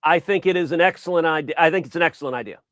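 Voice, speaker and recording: A man's voice: fairly high pitch, racing, a bit bright, no room sound. A middle-aged man, a senator as interview guest, who often repeats his opening words and tells an anecdote.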